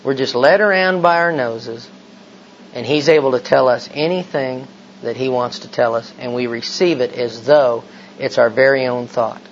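A man's voice: medium pitch, moderate pace. A man preaching a sermon, emphatic and full of rhetorical questions. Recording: slightly dull recording with faint hiss.

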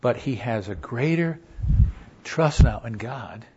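A man preaches in an earnest, conversational way, telling a story and acting out the people in it. His voice sits at an ordinary pitch and is a little husky. The recording sounds dull and lo-fi. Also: lively intonation, takes it slowly, a little mellow. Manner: earnest, conversational, acts out quotes. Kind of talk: storytelling sermon.

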